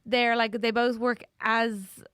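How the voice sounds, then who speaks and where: A woman co-hosting a comedy podcast, chatting in an excitable, gushing way. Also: fairly high pitch, slow pace, smooth, dry recording, clean studio sound. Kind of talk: casual chat.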